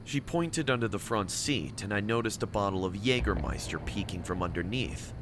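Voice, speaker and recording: A man reading a scripted first-person story in a steady, measured way. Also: lowish voice, noisy background. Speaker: story narrator. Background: music.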